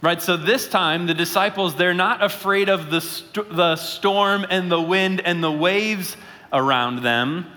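A pastor giving a conversational sermon, often checking in with his listeners with a quick "right?". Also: high-pitched, sharp tone, big-room sound.

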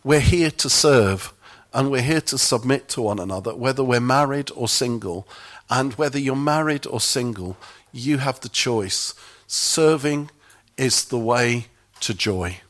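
A man's voice: mid-range voice, measured pace, a bit bright. A middle-aged man giving a sermon-style talk, telling humorous, self-mocking anecdotes. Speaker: church speaker.

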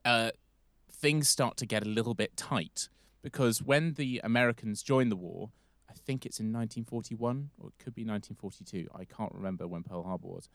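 A man's voice: lowish voice, fairly quick, few pauses, no room sound, clean studio sound. An English man hosting a casual history podcast, rambling and correcting himself as he goes. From England. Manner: rambling, self-correcting, chatty. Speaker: podcast host.

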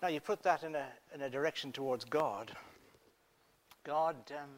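A man preaching a sermon in an earnest manner, dropping to a hush and then rising to emphatic points. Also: on the high side, moderate pace. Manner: earnest, swings from hushed to emphatic.

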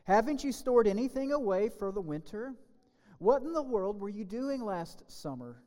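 Man doing stern storybook ants, high-pitched, echoing hall. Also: lively intonation, moderate pace, warm tone. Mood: reproachful. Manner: stern, reproachful. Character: hardworking, disapproving ants.

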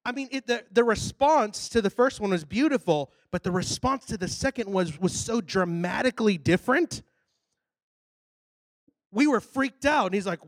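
A man preaching a sermon in a church, telling a story in a casual, animated way and building up to loud, shouted exhortations. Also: high voice, moderate pace, dry recording.

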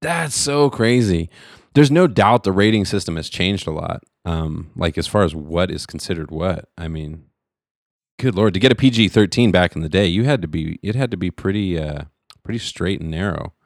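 Deep-voiced laid-back male podcast co-host. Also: dry recording, studio quality. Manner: relaxed, laid-back slang, quick to react. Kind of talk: casual chat.

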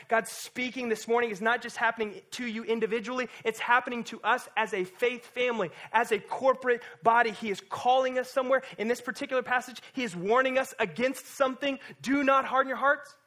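High, bright-voiced preaching man. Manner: impassioned, swings from hushed to loud emphasis; repeats words and phrases for emphasis. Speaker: pastor. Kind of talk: sermon. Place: church service.

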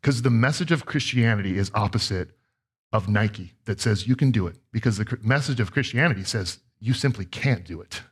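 A man in his forties preaching a sermon in a church, shifting between quiet, low prayer and lively storytelling that climbs high. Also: brisk, slightly rough. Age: 40s. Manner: animated storytelling, voice rising high for quoted shouts; drops low and soft for prayer and solemn points. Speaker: pastor. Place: church sanctuary.

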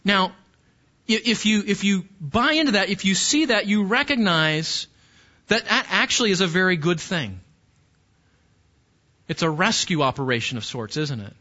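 A man's voice: high-pitched, sing-song, normal speed, pauses often, pushed and bright, dull audio. A man preaching a sermon, explaining a scripture passage earnestly and asking his listeners rhetorical questions. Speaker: pastor.

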